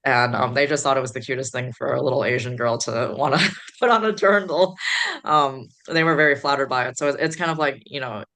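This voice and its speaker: A woman's voice: very deep voice, a little fast, a bit bright. A woman from the Chicago area, a podcast guest, rambling through stories with many fillers. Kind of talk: casual podcast chat.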